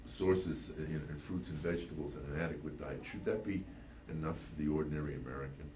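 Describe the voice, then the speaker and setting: A man in the audience asking questions hesitantly, with many pauses and fillers. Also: extremely low pitch, darkish tone. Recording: echoey room, mic from far off, noticeable noise.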